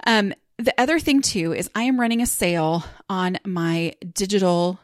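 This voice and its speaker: A woman's voice: mid-range voice, moderate pace, dry recording, clean studio sound. A woman hosting her podcast in casual chat, rambling and chatty with lots of fillers and restarts. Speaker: podcast host.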